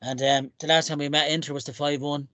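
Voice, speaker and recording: A man's voice: fairly high pitch, little pitch movement, quick pace, pushed and bright, dry recording. Chatty man hosting a podcast. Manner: chatty, laughs easily. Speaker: podcast host. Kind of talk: casual chat.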